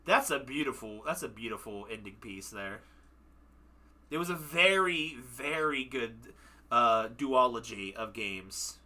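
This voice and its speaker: A man's voice: mid-range voice, expressive, measured pace, sharp tone. A young man livestreaming, chatting casually and ramblingly about a game he just finished, sounding tired and self-deprecating. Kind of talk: casual chat wrapping up a game stream.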